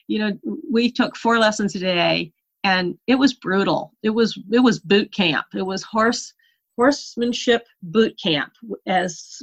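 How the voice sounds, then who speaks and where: A woman recounting her early riding days as an interview guest. She tells the story in an animated, unhurried way, her voice rising and falling with the tale. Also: mid-range voice. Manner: animated storyteller, laughs while recalling. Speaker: interview guest, horse rider.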